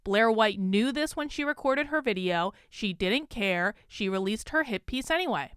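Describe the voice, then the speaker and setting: A woman's voice: a little high, lively intonation, a bit bright, clean tone, dry recording, clean studio sound. Indignant woman with a Vermont accent. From Vermont, USA. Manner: indignant, rapid and emphatic. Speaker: commentary YouTuber. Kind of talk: opinionated video commentary.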